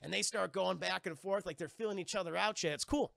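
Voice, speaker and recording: A male streamer rambles through a film plot for his chat, animated and profane. His voice is high, bright and forceful, with heavy vocal fry. The sound is close and dry, with no room echo. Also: fairly quick. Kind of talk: casual retelling of a film to chat.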